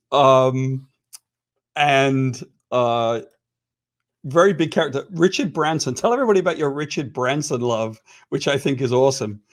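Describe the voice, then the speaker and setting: A British man co-hosting a casual chat, telling anecdotes with lots of "right?" and laughter, over a video call. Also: on the high side. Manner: chatty storyteller, frequent "right?" and laughs. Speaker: co-host.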